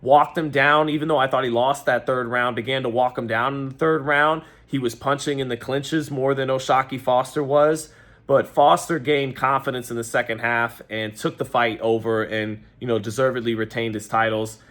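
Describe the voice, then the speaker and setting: A New man reacts to a boxing match in a loose, conversational way. He rambles, corrects himself mid-sentence and leans on fillers. His voice sits at a medium pitch. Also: steady tone, moderate pace, fairly bright tone. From New York. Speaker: boxing commentator. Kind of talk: casual fight-reaction commentary.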